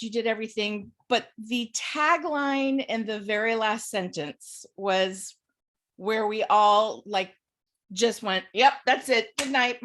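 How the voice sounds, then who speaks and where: A woman on a video call telling funny stories in a chatty, animated way, laughing along as she talks. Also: on the high side. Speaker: panel participant. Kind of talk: casual storytelling on a video call.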